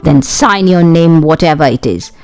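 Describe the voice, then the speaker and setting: A woman's voice: sits low, animated, moderate pace, darkish tone, faint music behind. A woman voicing a cold, threatening grown man who is a treasure-hunting crook in a children's audiobook. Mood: menacing. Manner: menacing, commanding.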